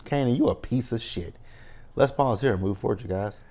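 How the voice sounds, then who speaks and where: A man giving a casual TV episode recap, animated and profane, quick to mock with exaggerated reactions. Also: medium pitch. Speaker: TV recap host.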